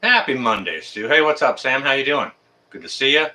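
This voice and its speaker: Casual male livestream host, bright voice, friendly, halting, filler-heavy. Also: mid-range voice, expressive. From Canada. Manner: friendly, chatty, many ums and uhs. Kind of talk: casual live chat greeting viewers.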